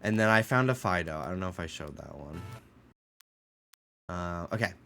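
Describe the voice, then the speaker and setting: A man's voice: sits low, animated, moderate pace, a bit bright, smooth. A man casually commenting while streaming a game and reading its text aloud, a bit stuffed up, chatty and swearing now and then. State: stuffed up nose.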